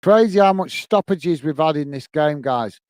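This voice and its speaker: A friendly man hosts a live football stream, calling the play and chatting with viewers between moves. His voice sits a touch high and sounds clean and smooth, recorded close on a dry mic with no room sound. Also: animated, moderate pace, a little mellow, no room sound. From United Kingdom. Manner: chatty, reads out viewer comments and thanks them by name; many fillers and restarts, friendly banter. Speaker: host of a football watch-along stream. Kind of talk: live match commentary and chat with viewers.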